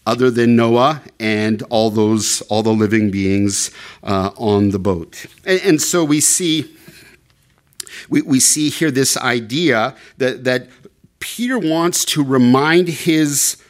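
A man's voice: medium pitch, slow. Man teaching verse by verse. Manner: explanatory, digressive, frequent fillers and restarts. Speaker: pastor. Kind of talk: expository sermon.

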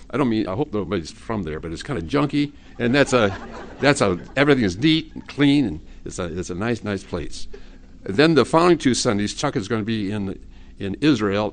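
A man preaching as pastor, folksy and joking, with a halting delivery full of fillers. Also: lowish voice. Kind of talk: sermon.

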